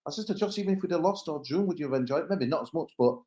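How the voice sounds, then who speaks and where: Animated East Midlands man, pod regular, rambling anecdotes, echoey room. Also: fairly high pitch, rapid-fire. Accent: English East Midlands. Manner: rambling storytelling with laughs. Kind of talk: casual podcast chat.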